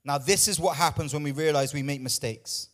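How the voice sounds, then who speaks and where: A man's voice: a little high, brisk. A man pastor preaching a sermon with emphatic, repetitive lines, out of breath at times.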